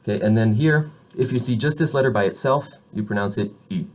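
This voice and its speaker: Man, French teacher, casual beginner lesson, somewhat low voice, rambling and self-correcting. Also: darkish tone. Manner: loose and self-correcting, modeling French sounds slowly. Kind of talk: casual classroom explanation.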